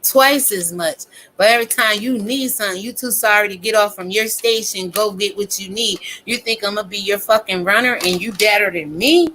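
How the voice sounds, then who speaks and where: A woman's voice: mid-range voice, normal speed, sharp tone, slight background noise, poor audio. A woman in her fifties ranting casually to her viewers, blunt and emphatic, cursing heavily. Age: 50s. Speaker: vlogger. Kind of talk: profane casual rant.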